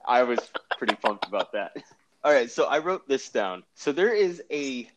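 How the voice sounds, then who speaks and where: A man's voice: mid-range voice, sing-song, normal speed, noisy background. A married man co-hosting a movie podcast, arguing his points and acting out quotes in mock voices. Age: adult, married. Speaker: podcast co-host. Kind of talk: casual movie-review chat.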